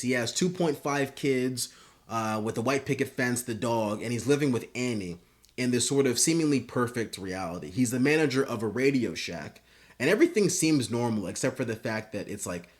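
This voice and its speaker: A man pitching a story idea in casual, rambling talk, swearing and filling gaps with "uh" and "like". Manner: rambling and profane, with many fillers. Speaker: video creator.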